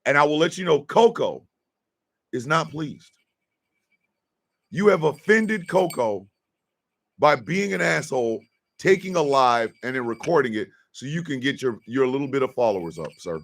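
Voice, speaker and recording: Gravelly, husky man scolding in mock outrage. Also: medium pitch, animated, moderate pace, pauses often, fairly bright tone. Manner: mock-indignant, scolding with repeated "sir". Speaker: live stream host. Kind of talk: casual live stream rant.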